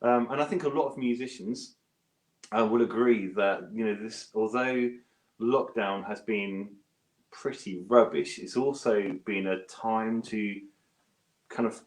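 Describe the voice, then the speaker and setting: A British man, a guest bass player, chatting self-deprecatingly from his home studio over a video call. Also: a little slow. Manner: chatty and self-deprecating, with lively pitch jumps. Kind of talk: casual interview chat. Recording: roomy echo.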